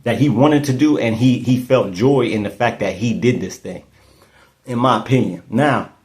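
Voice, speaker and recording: A man's voice: mid-range voice, moderate pace, a little mellow. Man musing aloud on a case podcast. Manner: repeats and restarts words often, thinking aloud. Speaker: podcast host. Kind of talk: casual true-crime commentary.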